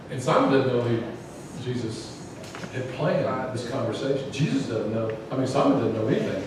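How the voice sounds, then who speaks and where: A man's voice: medium pitch, moderate pace, long pauses. A man preaching a casual, folksy sermon in a church and asking the congregation questions. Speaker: pastor. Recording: echoey church from far off, background noise.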